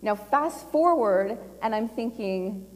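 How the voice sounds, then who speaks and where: A middle-aged woman giving a casual, animated talk at a conference, telling a personal story with a lot of fillers and laughter. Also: a little high, slow pace. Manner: chatty and animated, laughing often, with lots of fillers. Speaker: conference speaker. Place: large conference hall. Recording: long hall reverb.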